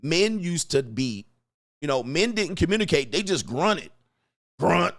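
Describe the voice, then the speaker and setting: A man hosting a commentary vlog, talking in a profane, animated way and acting out quotes. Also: on the high side, measured pace. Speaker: host.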